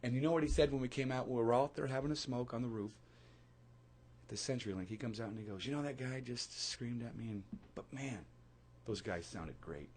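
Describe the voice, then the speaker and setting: A man's voice: medium pitch, brisk, a little mellow. A man with a mid-range voice co-hosts a casual chat. He speaks in an earnest, preachy way and acts out the lines of the people he talks about. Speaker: co-host.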